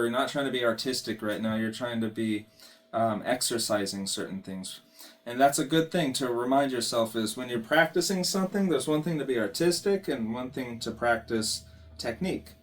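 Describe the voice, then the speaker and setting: A man giving a casual guitar lesson, explaining strumming in a relaxed way and counting beats aloud. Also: medium pitch. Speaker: guitar teacher. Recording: guitar playing behind the voice.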